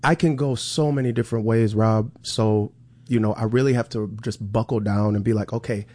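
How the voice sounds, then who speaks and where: A man's voice: fairly low pitch, steady tone, normal speed, darkish tone. A man being interviewed as a musician, talking in a loose, casual way with many fillers and restarts. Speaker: musician guest.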